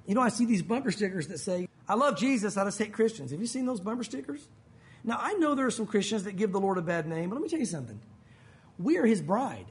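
A man's voice: high voice, sing-song, fast. A man, a pastor, preaching a conversational sermon and acting out the voices he quotes.

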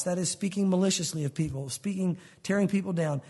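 A man's voice: high voice, fairly quick, darkish tone, breathy edge. A man preaching a sermon in a conversational, earnest way, explaining verses in plain words and calling the listeners "guys". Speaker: pastor.

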